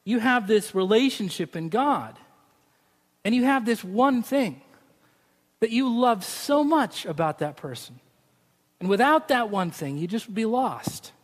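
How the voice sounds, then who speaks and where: Male pastor, high-pitched, casual humorous sermon style, recorded in a reverberant hall. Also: lively intonation, unhurried. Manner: chatty, humorous preaching with laughs. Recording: long hall reverb from a large room.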